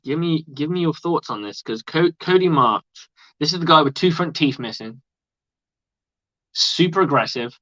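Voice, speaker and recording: A man's voice: a little high, expressive, normal speed, a bit bright, no room sound. A man hosting a live stream with casual sports commentary, rambling and chatty and swearing freely. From outside the United States. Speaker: livestream host. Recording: dull lo-fi dry sound.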